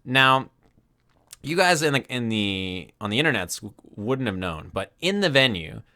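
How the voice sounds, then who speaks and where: A man streaming from his desk, retelling a tournament story in casual commentary and acting out the crowd's reactions. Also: mid-range voice. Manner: animated, acts out crowd reactions with quick asides.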